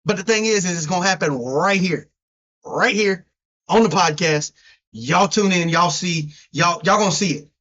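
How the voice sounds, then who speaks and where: A man with a deep Southern accent, co-hosting a casual sports podcast, brash and teasing, stretching words for emphasis. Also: normal speed, bright, forceful tone. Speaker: podcast co-host. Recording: dull lo-fi sound.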